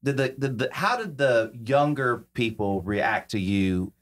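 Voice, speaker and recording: A man's voice: mid-range voice, expressive, measured pace. A man hosting a podcast, asking rambling, hesitant questions in a casual chat. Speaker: podcast host.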